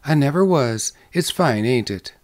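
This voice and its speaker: A man's voice: medium pitch, animated, measured pace, darkish tone, no room sound, studio quality, close to an everyday voice. A man voicing a shy, plain newlywed bride with a raised, wondering country voice.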